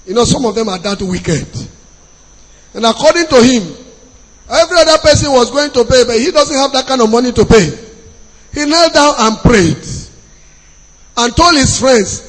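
A man with a Nigerian accent preaching a sermon, telling a story and rising to shouts as he goes. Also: extremely high pitch, expressive, unhurried, pauses often. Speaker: pastor. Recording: long hall reverb.

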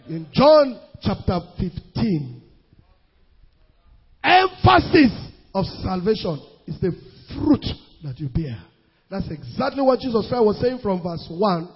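A male preacher delivering an emphatic sermon. He stretches scripture quotes out slowly and rises into shouts. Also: sits high, breathy edge. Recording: lo-fi recording in a reverberant hall.

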